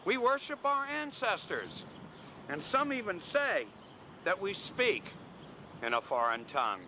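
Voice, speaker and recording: A wry, joking man from the American South leads a walking tour at an outdoor market. His voice sits high and leaps about lively. Loud traffic and street sounds fill in behind him. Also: a little slow, poor audio. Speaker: tour guide.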